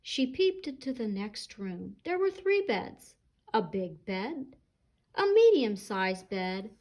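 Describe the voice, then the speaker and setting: A woman who is a children's librarian, reading a picture book aloud and showing a craft in an expressive, sing-song way. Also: mid-range voice, takes it slowly. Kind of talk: storytime read-aloud and craft demo.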